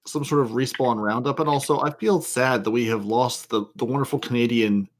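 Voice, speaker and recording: A man's voice: mid-range voice, a little fast, over a noisy crowd. Podcast guest, man, mid voice, playful, stammers and restarts. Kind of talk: casual podcast chat.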